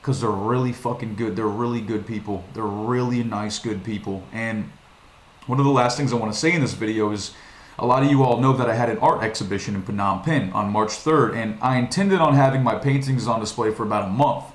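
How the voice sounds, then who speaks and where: A man's voice: mid-range voice, a little fast. Profane rambling young man, echoey room. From Virginia, USA. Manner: rambling, profane, frequent restarts. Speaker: vlogger. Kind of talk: casual storytelling monologue.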